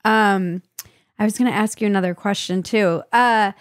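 A woman's voice: medium pitch, moderate pace, no echo, clean studio sound. A woman hosting a podcast, asking curious, wry questions in casual interview chat. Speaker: podcast host.

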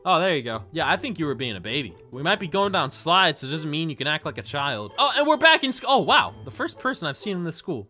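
A man's voice: a little high, very animated, fast, hardly any pauses, sharp tone, faint music behind. A man giving joking, sarcastic let's play commentary as a gaming YouTuber.

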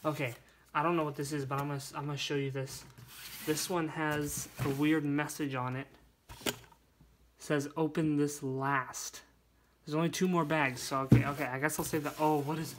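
Young man, excited unboxing vlog, stammering, gushing, noisy recording. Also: fairly high pitch, moderate pace. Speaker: toy car collector vlogger. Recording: noisy room with crinkling bags.

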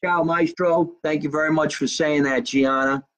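A man's voice: on the high side, steady tone, fairly bright tone. A middle-aged man with a New Jersey accent, a comedian from Jersey City, chatting casually on a live stream and reading out fan comments in a brash, profane, joking way. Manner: brash, profane, jokey, slows down to spell out contact details.

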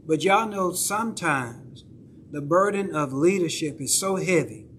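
In a church sanctuary, a male pastor with a Southern accent preaches conversationally, checking in with the congregation. His voice is on the high side and a bit bright, with lively intonation and a measured pace, plus a little hiss or hum.

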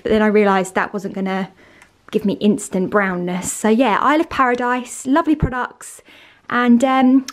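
A woman talking casually to camera in a beauty vlog, chatty with plenty of ums. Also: fairly high pitch. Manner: chatty, upbeat, lots of ums. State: tired, croaky, half-whispering. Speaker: vlogger.

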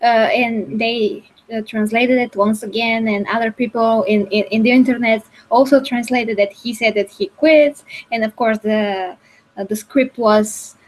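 Woman, halting casual chat. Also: on the high side, fairly even intonation, slight background noise, rough recording. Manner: halting, searching for English words. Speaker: co-host.

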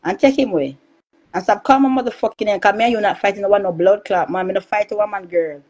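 A Jamaican woman in a heated live-stream rant, loud, cursing and taunting, repeating her insults again and again. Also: mid-range voice, fast, rough recording.

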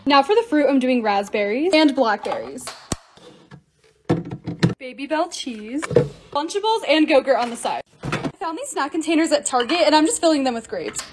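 A young woman chatting through her own vlog, narrating each task step by step in an excitable, casual way. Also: sits high, moderate pace, pauses often, noisy background. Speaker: TikTok creator.

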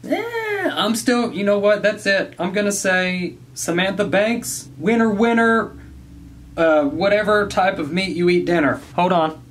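A man chatting casually to his camera as he opens fan mail, teasing his viewers and breaking into excited yelps. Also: high voice, normal speed, few pauses, a little hiss or hum. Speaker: vlogger opening fan mail.

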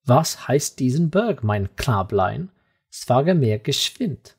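A man voicing an excitable, proud older male professor, lecturing and insistent, with indignant high outbursts. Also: moderate pace, husky, heavily acted. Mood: puzzled, questioning.

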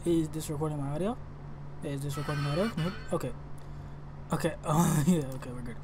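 A young man giving let's play commentary on a video game, excitable and reactive, often exclaiming and swearing. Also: fairly high pitch, quick pace, background noise. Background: game music.

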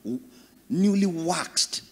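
A middle-aged Nigerian man preaching a sermon, telling stories and acting out the people in them with sudden loud bursts. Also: a little high, expressive, slow pace, creaky. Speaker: pastor. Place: church. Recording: long reverb of a church hall.

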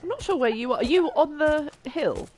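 Excitable high-pitched woman gamer. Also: brisk, a crowd in the background. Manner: excitable, gushing over pets, gasps and squeals. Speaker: gaming channel host. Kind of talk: casual gameplay chat.

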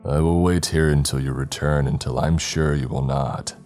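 A man's voice: a bass voice, steady tone, a little mellow, soft background music. A man doing a grave old mystic priest. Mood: solemn. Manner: slow, solemn, archaic speech. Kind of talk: horror story narration.

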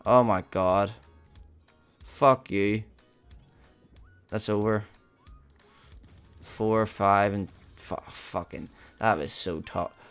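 An excitable man narrates his slot spins live for his viewers, swearing freely and calling out to "the boys". His voice is smooth and clear, in an ordinary middle register, with faint music playing underneath. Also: fairly low pitch, extremely slow, long pauses. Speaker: gambling streamer. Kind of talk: live slot-play commentary.

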